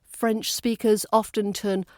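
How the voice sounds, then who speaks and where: Crisp, slow British RP woman. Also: mid-range voice, flat delivery, no room sound, clean studio sound. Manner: crisp, precise, dryly playful. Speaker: accent coach. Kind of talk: scripted pronunciation lesson.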